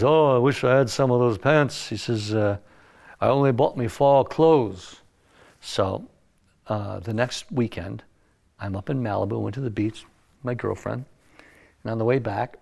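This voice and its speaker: Gravelly older man telling studio stories. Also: mid-range voice, normal speed, pauses often. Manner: animated anecdote-teller, acts out quotes. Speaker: music producer telling stories. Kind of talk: casual interview storytelling. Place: recording studio.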